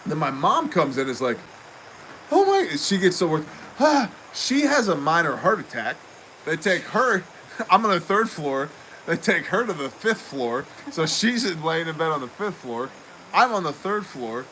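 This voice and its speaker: A man's voice: a little high, moderate pace, slight background noise, poor audio. A man co-hosting a casual show, telling a story with lots of laughter and acted-out quotes. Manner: animated storyteller acting out quoted voices, laughing often. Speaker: co-host.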